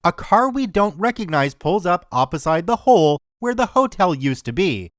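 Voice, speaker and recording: A man narrating online stories in a scripted, animated, sardonic way. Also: high voice, moderate pace, dry recording, clean studio sound. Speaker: story narrator.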